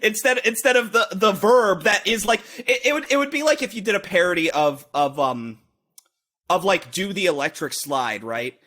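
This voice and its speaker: Podcast co-host, man, bright high voice, lively rambling delivery. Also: normal speed. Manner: rambling, animated, breaks into sung and shouted bits. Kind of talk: casual podcast banter.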